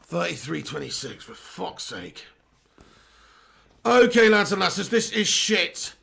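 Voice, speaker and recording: A high-pitched, bright young man rants through a live football watch-along with his voice strained and sore. His tone is gravelly and husky, and he keeps circling back to the same complaint in exasperation. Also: sing-song, slow. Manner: ranting, exasperated, repeats himself.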